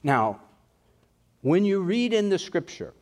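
Earnest East Texas preacher. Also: male voice, high voice, very animated, slow, a little mellow. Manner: earnest, pleading, with swinging emphasis. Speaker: pastor. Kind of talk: sermon.

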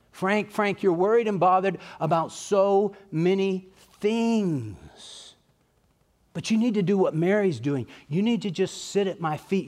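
A man with an East Texas accent voicing Jesus as a gentle, loving male teacher, speaking tenderly. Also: high voice. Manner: tender, soft-spoken.

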